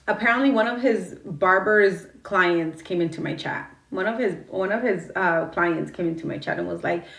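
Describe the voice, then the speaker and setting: A woman's voice: on the low side, fairly bright tone, reverberant, far from the mic. A woman livestreaming from her phone, talking bluntly and rambling, swearing and greeting her chat as she goes.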